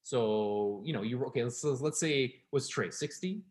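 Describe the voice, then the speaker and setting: Male co-host, mid-pitched, rambling casual talker. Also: measured pace, a little mellow. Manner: rambling, restarts often, laughs while reading. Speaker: podcast co-host. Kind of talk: casual chat.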